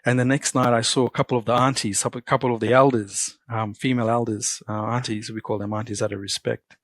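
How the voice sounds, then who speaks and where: A man with an Australian accent talks casually in an interview, his voice sitting at an everyday pitch. He tells stories with energy and slips into quoted lines as he goes. The sound is dry and close. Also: a little fast, dry recording. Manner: animated storyteller acting out quoted greetings. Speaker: comedian guest.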